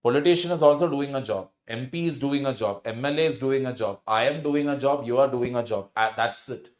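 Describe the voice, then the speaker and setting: A man's voice: mid-range voice, a little fast, reverberant. A male teacher with an Indian English accent lecturing, switching between Hindi and English and putting rhetorical questions to the class. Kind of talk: recorded lecture.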